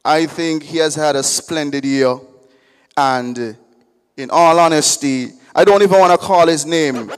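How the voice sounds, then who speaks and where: Slow, measured male host. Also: on the high side. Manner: unhurried, measured, with filler pauses. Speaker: event host. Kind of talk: introducing a lineup at a media launch. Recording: long reverb in a hall.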